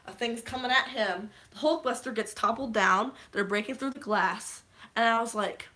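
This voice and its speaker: A young woman recapping a movie on a live stream, rambling and swearing freely, with sudden excited shouts. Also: on the high side, moderate pace. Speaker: vlogger.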